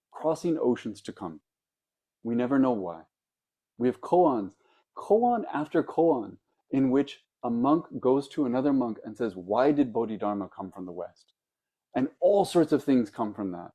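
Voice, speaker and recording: A man, a Zen teacher, giving a dharma talk, telling stories in a reflective way with pauses. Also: mid-range voice, mellow.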